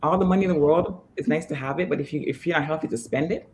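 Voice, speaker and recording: A woman's voice: deep voice, a little mellow, slight background noise. A woman fitness trainer speaking as an interview guest, emphatic and motivational, over a video call. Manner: emphatic, motivational, fast restarts.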